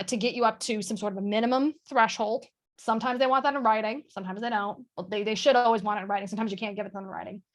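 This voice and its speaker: Brief: candid woman on a call, slightly high voice, quick and blunt. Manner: frank, fast, swears casually. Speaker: guest sales leader. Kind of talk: casual panel chat.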